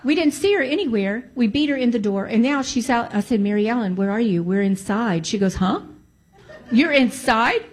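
A woman with a somewhat high voice testifies before a church congregation. She talks emphatically and repeats her key phrases to drive them home. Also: lively intonation, moderate pace. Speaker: church speaker giving testimony.

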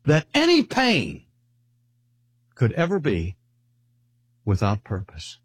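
Older man preaching with a husky voice. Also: mid-range voice, wildly swooping pitch, dry recording. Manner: earnest, slowing down to stress key phrases. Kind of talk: sermon.

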